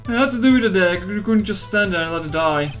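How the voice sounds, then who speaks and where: Gruff young policeman with a put-on cowboy drawl, voiced by a woman, mid-pitched. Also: expressive, fast talker, faint music behind, lightly acted. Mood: brooding.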